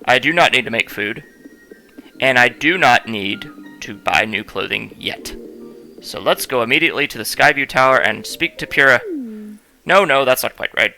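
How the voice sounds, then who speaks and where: A man's voice: medium pitch, expressive, normal speed, vocal fry, bright, forceful tone, soft background music. A man hosting a let's-play, commentating on gameplay in a playful, jokey way and talking straight to viewers. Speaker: gaming host.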